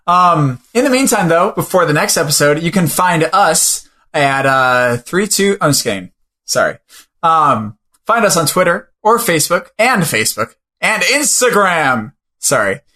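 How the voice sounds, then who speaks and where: A man's voice: a little high, very animated, unhurried, pushed and bright. A man co-hosting a podcast in casual chat, joking around and stumbling and apologizing as he reads the show's sign-off. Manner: jokey, fumbles and apologizes through the read. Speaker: podcast co-host.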